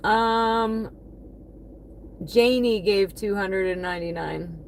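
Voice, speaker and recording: A woman's voice: medium pitch, takes it slowly, a little hiss or hum. A woman chatting casually on a livestream, thanking her viewers one by one by name. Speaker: livestreaming delivery driver.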